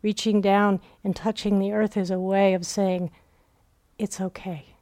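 A woman's voice: medium pitch, flat delivery, moderate pace, dark tone. A woman meditation teacher giving a dharma talk at a retreat center, telling stories reflectively and acting out quoted inner voices.

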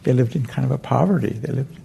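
A man leading a meditation session tells a story as part of his dharma talk, his voice deep, gravelly and mellow. He speaks gently but quickly, meandering and fixing his words along the way, while faint noise lingers beneath him in the hall.

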